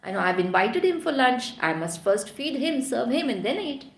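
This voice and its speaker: Brief: a polite, devoted old-style king voiced by a woman, fairly high voice, roomy echo. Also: big pitch swings, moderate pace. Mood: courteous. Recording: echoey room.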